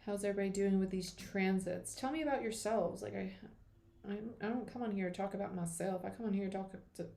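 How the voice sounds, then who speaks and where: A woman's voice: mid-range voice, fast, gravelly, mellow, roomy sound. A young woman chatting casually on a livestream, rambling with lots of fillers as she talks to viewers. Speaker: tarot reader hosting a live chat. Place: home room at her computer.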